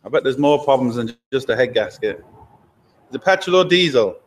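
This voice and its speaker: A man's voice: mid-range voice, lively intonation. A man hosting a casual live stream from a garage workshop, chatting loosely and reading out viewer comments. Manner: loose and chatty, with fillers and quick asides. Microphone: laptop or camera mic held by a helper.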